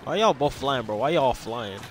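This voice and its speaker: Excitable young man gaming, slangy and loud. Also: mid-range voice, normal speed, slight background noise. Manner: excitable, repeats himself, slangy, yelps when attacked. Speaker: gamer. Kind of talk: casual gameplay commentary.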